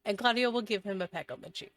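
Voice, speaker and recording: A woman's voice: medium pitch, fast talker, a bit bright, no room sound. A woman playing a tabletop game, describing her character's actions in a giggly, playful way. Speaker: player.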